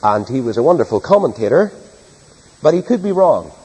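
Animated preacher in a reverberant hall. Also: male voice, medium pitch, fairly quick, slightly rough. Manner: emphatic, dramatic reading of scripture. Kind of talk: evening sermon. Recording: long reverb of a large hall.

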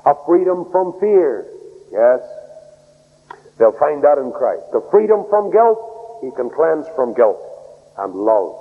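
A man preaching a sermon, swinging between loud raised outbursts and low, soft lines. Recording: tinny phone-like radio broadcast in a hall.

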